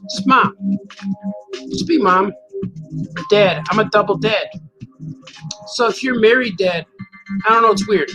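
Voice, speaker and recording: Man, high voice, casual storyteller, rambling, chuckles, music underneath. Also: poor audio. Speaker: cartoonist telling a story.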